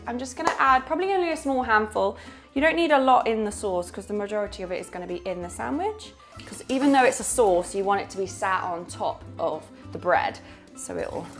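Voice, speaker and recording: A young woman hosting a casual cooking tutorial from her small home kitchen, chatty and upbeat as she explains each step. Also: on the high side. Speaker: cooking channel host.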